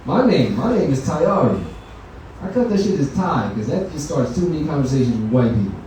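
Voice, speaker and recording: A man's voice: fairly high pitch, sing-song, brisk, mellow, a little hiss or hum. A man doing a stand-up comedy set, telling loose, profane stories in a conversational way. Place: comedy venue lounge, indoors. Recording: echoey room from far off.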